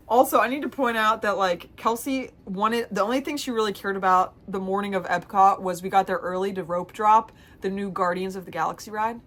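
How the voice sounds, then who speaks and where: A woman's voice: medium pitch, brisk, a little hiss or hum. A woman vlogger and theater producer telling funny stories in a chatty, self-mocking way. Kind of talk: casual storytelling vlog.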